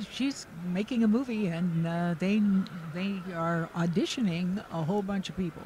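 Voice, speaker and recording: A woman's voice: lowish voice, normal speed, hardly any pauses, darkish tone, a little hiss or hum, poor audio. An older actress as an interview guest, telling stories in a chatty way, laughing often and restarting her sentences. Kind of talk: casual anecdotal storytelling. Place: convention floor.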